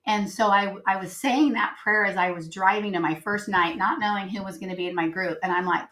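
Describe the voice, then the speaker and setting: A middle-aged woman, a podcast guest, telling personal stories in a casual, animated way and acting out the dialogue. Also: mid-range voice, moderate pace. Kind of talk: casual interview storytelling.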